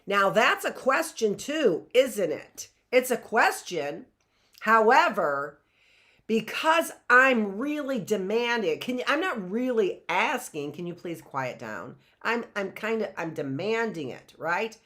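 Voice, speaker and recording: A woman's voice: a little high, big pitch swings, takes it slowly, fairly bright tone. A middle-aged woman teaching a grammar lesson in a chatty way, often checking in with "right?" and laughing at herself.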